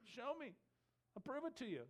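A man's voice: very high-pitched, sing-song, normal speed, voice pushed up, exaggerated voice. A man voicing a bold formerly blind man who challenges religious experts with incredulous questions. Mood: challenging.

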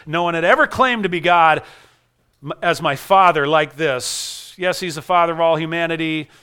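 A man's voice: on the high side, normal speed, pushed and bright, clean tone. A man preaching a sermon, earnest, repeating key phrases for emphasis. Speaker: pastor.

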